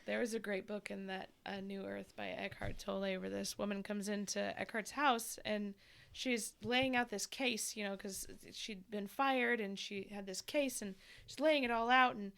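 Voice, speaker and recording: A woman co-hosts a casual podcast chat and tells stories, laughing often along the way. Her voice sits at a middle pitch and has a gravelly fry. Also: fairly even intonation, moderate pace, a bit bright. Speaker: podcast co-host.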